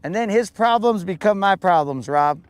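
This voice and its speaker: A man's voice: high-pitched, expressive, normal speed, clean tone, no room sound. A young adult man hosting a podcast, chatting casually and jokingly in heavy slang, calling everyone bro and dog. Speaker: podcast host. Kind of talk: casual chat.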